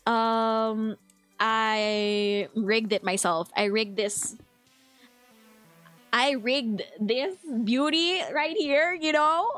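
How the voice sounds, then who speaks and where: A woman's voice: fairly high pitch, fairly bright tone, smooth. A young Filipino woman with a Filipino accent, chatting casually with her stream chat, laughing often and reading messages aloud. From Philippines. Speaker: VTuber streamer.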